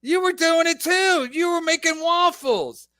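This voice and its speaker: A man's voice: very high-pitched, measured pace, dry recording, studio quality. A man hosting a podcast, giving sarcastic, profane commentary over a clip he is reacting to. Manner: sarcastic, loud profane interjections. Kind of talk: mocking commentary.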